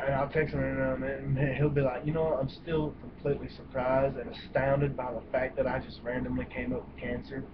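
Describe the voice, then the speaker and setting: A man ranting in a casual vlog, blunt and profane, rambling and cutting himself off. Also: medium pitch. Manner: blunt and profane, emphatic outbursts; rambling, self-interrupting. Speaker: vlogger. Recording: dull lo-fi home recording with steady hiss.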